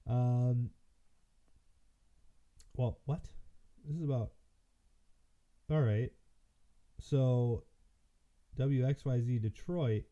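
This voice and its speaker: A man's voice: mid-range voice, steady tone, extremely slow, pauses often, mellow. Tired, rambling man on muffled audio. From Michigan. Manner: rambling, hesitant, many fillers and restarts. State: tired, yawning. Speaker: political commentary host. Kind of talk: casual solo commentary.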